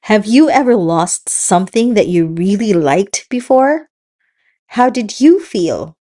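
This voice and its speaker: A woman hosting a children's read-aloud, telling the story in a slow, encouraging teacher's manner. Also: medium pitch, sing-song, warm tone. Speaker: children's book reader and host.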